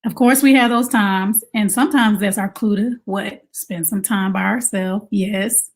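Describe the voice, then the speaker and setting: A woman coaching mothers in a casual advice talk, conversational and animated, asking rhetorical questions. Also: mid-range voice, a little slow. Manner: animated, acts out quoted moms in exaggerated voices. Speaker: self-care coach for mothers.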